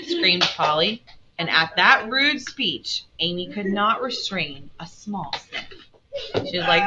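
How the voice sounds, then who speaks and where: A woman teacher reading a novel aloud to her class, expressive, stopping to quiz her students. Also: on the low side, unhurried, background noise.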